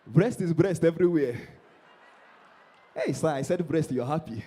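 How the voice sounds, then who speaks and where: A young Nigerian comedian with a Nigerian accent works a live crowd, bantering and poking fun at people. His high voice swoops up and down constantly. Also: expressive, a little slow, long pauses, dark tone. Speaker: stand-up comedian.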